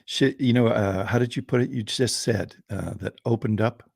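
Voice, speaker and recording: A man who is a podcast co-host and storyteller, telling a joke in a lively, chuckling way. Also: medium pitch, moderate pace, gravelly, no room sound, clean studio sound.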